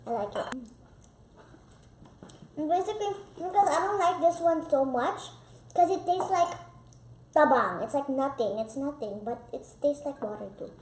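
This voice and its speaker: A woman vlogging casually as she tastes foods, chatty and excitable, with lots of "like" fillers. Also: high voice, normal speed, long pauses, echoey room. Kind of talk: casual food-tasting vlog.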